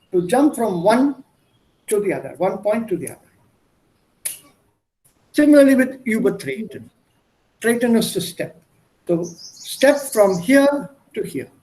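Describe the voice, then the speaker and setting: Lively high-voiced man tutoring German. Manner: patient, explains by repeating synonyms. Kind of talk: online one-on-one language lesson.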